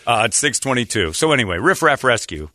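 A middle-aged man hosts a casual talk show, his medium-pitched voice brisk and sharp with big pitch swings. He tells stories and acts out the voices of the people in them, recorded dry with clean studio sound.

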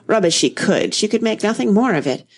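A woman reading a classic storybook aloud in an even, unhurried narration. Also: medium pitch.

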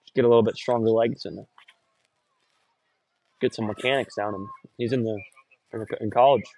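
A young announcer gives casual, rambling play-by-play of a high school football game outdoors, recorded on a phone. He speaks at a normal speed with a creaky voice, often correcting himself and getting excited on big runs.

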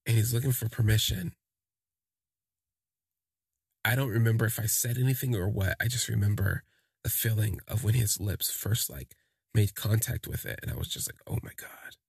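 A man's voice: lowish voice, fairly even intonation, fairly quick, gravelly, husky, dry recording, clean studio sound. A man telling a first-person story in a casual, rambling way, full of "like" and "you know". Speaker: podcast storyteller.

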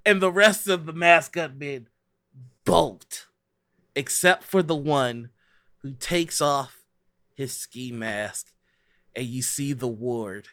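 A man narrating a tabletop role-playing game as game master, with a lively way of talking. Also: mid-range voice, takes it slowly, long pauses, no room sound, studio quality. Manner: lively, breaks into shouted voices for characters.

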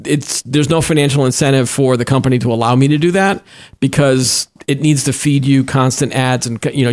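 A man's voice: mid-range voice, darkish tone. A middle-aged man co-hosting a podcast in casual tech chat, rambling with many restarts and fillers. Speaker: podcast co-host.

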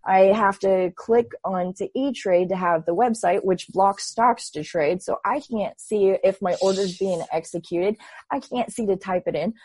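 A woman in her twenties, a guest telling her story in a casual, animated way and acting out her own past thoughts. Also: medium pitch, moderate pace, husky, dry recording. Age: 20s. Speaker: interview guest.

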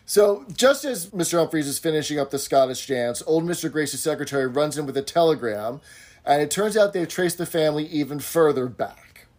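A man's voice: on the high side, expressive, fairly quick, a little mellow. A man co-hosting a casual talk show, recapping episode plots in a conversational way. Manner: narrates plot recaps conversationally. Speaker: podcast co-host.

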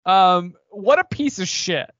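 Man, podcast co-host, slightly high voice, laid-back, casual swearing, dull dry recording. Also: expressive, takes it slowly, fairly bright tone, dry recording.

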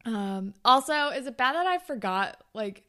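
A woman's voice: fairly high pitch, animated, measured pace, sharp tone. A woman co-hosting a podcast, chatting casually about a TV episode, acting out the characters' lines and laughing often. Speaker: podcast co-host. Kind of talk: casual chat recapping a TV episode.

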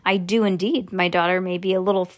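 A woman's voice: lowish voice, steady tone, fast talker, pitched below the performer's own voice, natural voice. Brief: woman voicing a stuffy, indignant wealthy dad, storybook.

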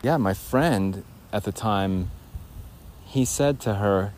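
A man's voice: on the low side, unhurried, warm tone. A man rambling through a nostalgic comic story in a podcast, correcting himself as he goes and breaking into laughter. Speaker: comedian host.

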